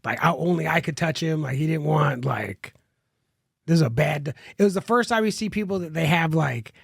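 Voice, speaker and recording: A man tells a rambling story on a podcast, restarting his sentences and swearing casually. His voice sits a bit high and is gravelly and husky. The sound is close and dry. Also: moderate pace, no room sound. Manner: rambling, many restarts and fillers, swears freely. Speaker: guest comedian.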